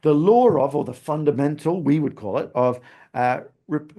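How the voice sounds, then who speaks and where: A man's voice: on the high side, moderate pace, mellow. A man hosting a podcast, talking through a recap in a chatty coaching manner and tagging "okay?" onto his points. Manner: laughs at his own stumbles. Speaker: podcast host.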